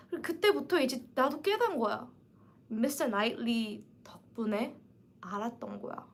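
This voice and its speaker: A woman in her twenties hosting a casual livestream book chat, animated and emphatic. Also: on the high side, racing. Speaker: livestream host.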